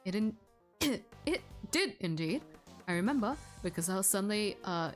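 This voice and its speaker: A woman voices a mild, evasive ice cream vendor, as she reads through a mystery game. The voice sits a little low and moves at a careful pace. Gentle music plays faintly behind. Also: animated, moderate pace, natural voice. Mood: polite. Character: soft-spoken male ice cream seller, polite and evasive.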